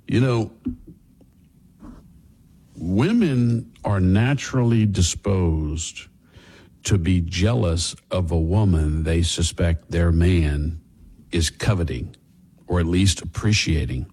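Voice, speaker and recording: Slow, dark-voiced radio host. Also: male voice, deep voice, breathy edge. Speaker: radio talk show host. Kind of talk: radio call-in show.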